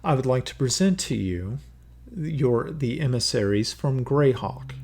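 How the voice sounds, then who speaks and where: A man's voice: mid-range voice, animated, a little slow, creaky, darkish tone, husky, heavily acted. A man voicing a polite male court advisor who formally presents guests to the king.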